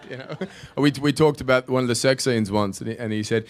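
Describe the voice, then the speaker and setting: A man's voice: mid-range voice, fairly quick. A man, an actor on a panel, answering questions in a rambling way with many restarts.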